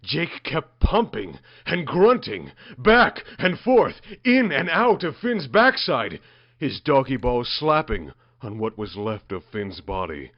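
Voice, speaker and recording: A man's voice: mid-range voice, big pitch swings, slow. Mock-dramatic male comic storyteller. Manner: mock-dramatic, building up loudly. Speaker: narrator. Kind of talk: comedic story reading. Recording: muffled dry lo-fi recording.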